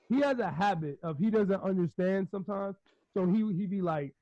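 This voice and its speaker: This is a middle-aged man with a high voice, chatting casually as a podcast co-host. He tells rambling, animated stories, laughs often and acts out quotes. The recording is dry and a little muffled. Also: normal speed, dry recording. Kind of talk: casual chat.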